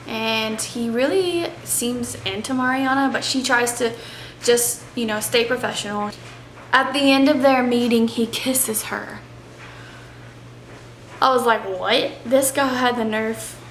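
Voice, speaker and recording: A woman chatting excitedly as she recaps a book for her vlog, with the odd breathy whispered aside, filmed at home on a tripod camera. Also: on the high side, measured pace. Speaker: book vlogger. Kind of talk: casual reading vlog chat. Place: home reading nook, indoors. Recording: roomy echo with faint background noise.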